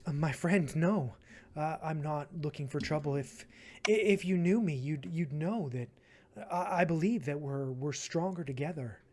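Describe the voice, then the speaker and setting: A man voicing a lofty, grandiose idealist artist who speaks in measured phrases. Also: fairly high pitch, darkish tone.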